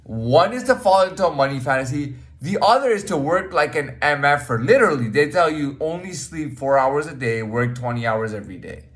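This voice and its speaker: Man, casual monologue, rambling, blunt, swears, animated pitch. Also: fairly quick, hardly any pauses. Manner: rambling, repeats himself, frequent fillers and "man". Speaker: podcast host.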